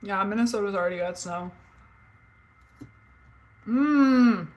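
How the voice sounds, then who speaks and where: Speaking slowly at medium pitch, with the high frequencies cut off, a woman in her forties livestreams from inside her home. She chats casually and frankly with viewers and her live chat, wandering through stories with fillers and now and then a swear.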